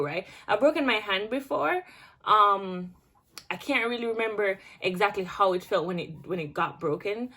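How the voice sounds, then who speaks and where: A young woman vlogger telling a casual storytime, chatty and animated, with many restarts and filler words. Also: medium pitch, moderate pace.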